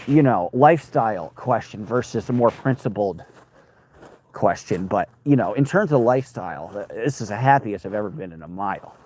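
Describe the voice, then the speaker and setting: A man's voice: on the low side, animated, moderate pace, darkish tone. Rambling man chatting on a walk. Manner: rambling, self-interrupting, wry. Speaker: vlogger, former news anchor. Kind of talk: casual walking vlog chat, answering viewer comments. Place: outdoors on a cold walk.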